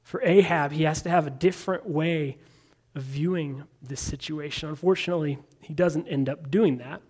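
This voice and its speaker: A man's voice: a little high, normal speed, a little mellow, husky. A man preaching a sermon in a conversational way, retelling scripture stories in his own words.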